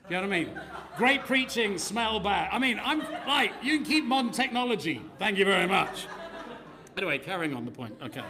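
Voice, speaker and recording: A man preaches a sermon with a high voice and wide swings of pitch. He jokes, breaks into sound effects and keeps a bright, lively edge throughout. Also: brisk. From Australia. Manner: animated, joking asides, sound effects. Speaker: pastor.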